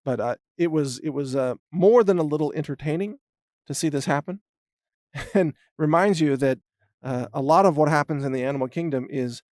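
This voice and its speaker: A middle-aged man with a fairly high voice spins loose, rambling stories in a casual way, laughing to himself as he goes. He trips over his words and restarts often. The sound is dry and close. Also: moderate pace, a little mellow, no echo. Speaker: show host. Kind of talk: casual anecdotal storytelling.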